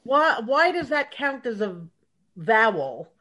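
A man's voice: extremely high pitch, very animated, takes it slowly, pushed and bright. A man attending a class, asking the teacher questions in a hesitant way. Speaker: class participant.

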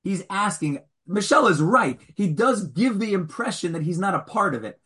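A man's voice: high-pitched, big pitch swings, moderate pace, fairly bright tone, husky. A man teaching an online Torah class as rabbi, questioning his students in a challenging, Socratic way.

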